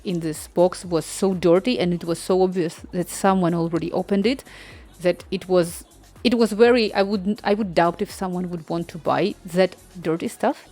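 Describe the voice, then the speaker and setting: A woman vlogger telling a story in casual non-native English, acting out the people in it with lively quoted voices. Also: lowish voice. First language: not Spanish.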